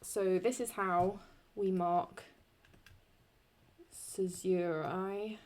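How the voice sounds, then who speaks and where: A young woman explaining Latin verse in a casual, halting way, often stopping to correct herself as she writes. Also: mid-range voice, fairly even intonation, a little mellow. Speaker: Latin teacher.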